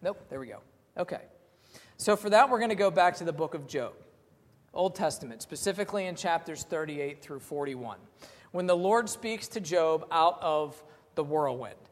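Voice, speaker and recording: A man preaching a sermon in a plain-spoken, conversational way, reading scripture aloud slowly. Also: fairly high pitch, lively intonation, in a large hall.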